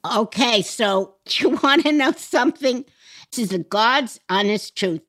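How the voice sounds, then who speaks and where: A woman's voice: fairly high pitch, expressive, measured pace, a bit bright. An older woman co-hosting a podcast, chatty, telling stories with laughs mixed in. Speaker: podcast co-host. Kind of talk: casual chat, storytelling.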